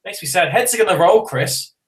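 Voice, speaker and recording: A man's voice: high voice, animated, a little fast, fairly bright tone, poor audio. A man, co-hosting a podcast in a casual, rambling, jokey chat. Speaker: podcast co-host.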